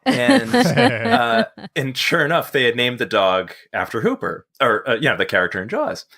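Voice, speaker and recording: A man's voice: mid-range voice, moderate pace, gravelly. A man in his thirties, a podcast co-host, chatting casually and telling a rambling anecdote about his family. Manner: rambling storyteller, animated when quoting people. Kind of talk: casual chat.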